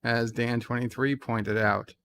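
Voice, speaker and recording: A man with a slight New York accent hosts a live stream in a relaxed, chatty way. He reads out viewer comments in a brighter, livelier voice, then answers them with dry, low-key asides at a middle pitch. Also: unhurried, smooth. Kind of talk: casual live stream chat, reading viewer comments aloud.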